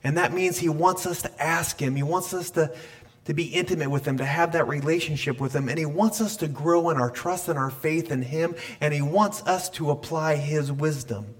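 A man's voice: on the high side, moderate pace. Folksy man preaching a sermon. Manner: folksy storytelling, repeats and restarts phrases; clears throat often. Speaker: pastor. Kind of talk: conversational sermon. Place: church sanctuary.

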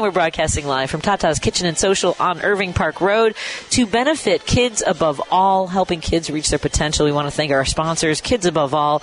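Chatty, high-voiced male radio host. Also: a bit bright, low-quality recording. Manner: chatty, laughing often, self-correcting. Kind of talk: live radio call-in banter. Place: live broadcast from a restaurant.

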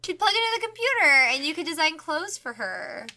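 A woman co-hosting a podcast in casual chat, chatty and quick to laugh, with some swearing. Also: very high voice, sing-song, pushed and bright, slight background noise. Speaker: podcast co-host.

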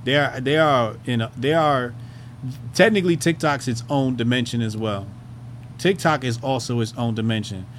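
A man's voice: medium pitch, moderate pace, slight background noise. A man hosting a commentary show, talking in a loose, rambling way, swearing freely and trailing off into fillers. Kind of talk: casual profane commentary.

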